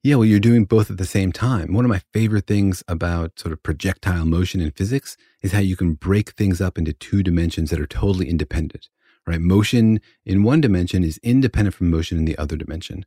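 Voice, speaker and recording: A man's voice: deep voice, fast talker, warm tone, no room sound, clean studio sound. A man co-hosting a casual science chat, explaining things patiently and often checking in with "right?". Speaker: podcast co-host explaining physics.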